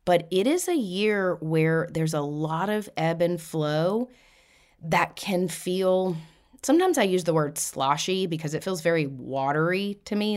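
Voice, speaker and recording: A woman giving a spiritual numerology talk, animated and full of vivid analogies, with light laughs between phrases. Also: fairly low pitch. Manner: animated, uses vivid analogies and acted quotes. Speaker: numerology teacher.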